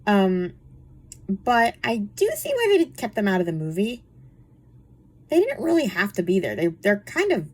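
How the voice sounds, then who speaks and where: A woman's voice: medium pitch, wildly swooping pitch, a little slow, pauses often, breathy edge. A young woman reviewing books in a casual, chatty way, full of fillers and frequent laughter. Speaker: book reviewer. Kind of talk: casual chat.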